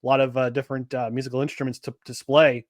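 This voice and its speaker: A man's voice: mid-range voice, little pitch movement, fast, no echo, clean studio sound. A man co-hosting a sports podcast in casual chat, rambling with lots of restarts and fillers. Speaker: podcast co-host.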